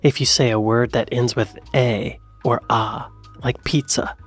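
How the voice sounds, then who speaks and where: A man's voice: medium pitch, moderate pace, husky, soft background music. A man hosting a casual reaction video, musing aloud and now and then dropping into a whisper. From American South. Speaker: reaction channel host.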